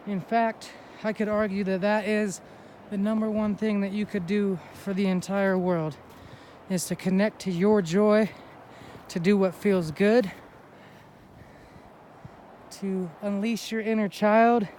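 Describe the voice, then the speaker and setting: Climbing a snowy mountain and a bit winded, a male vlogger offers a heartfelt, upbeat spiritual pep talk. His voice sits high with a darkish tone and steady delivery, taking it slowly, over a little hiss or hum.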